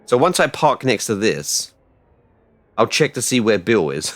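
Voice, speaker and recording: A man streaming a game live, rambling casually and bursting out loudly when things go right. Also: fairly low pitch, a little slow, no echo. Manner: rambling and excitable, with loud outbursts. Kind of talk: casual live-stream chat while gaming.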